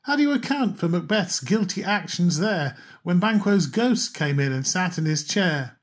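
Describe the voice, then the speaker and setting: A man reading aloud, voicing a chatty, insistent American woman who loves mysteries, in a husky voice. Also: high-pitched, moderate pace, pitched above the performer's own voice. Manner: insistent, animated.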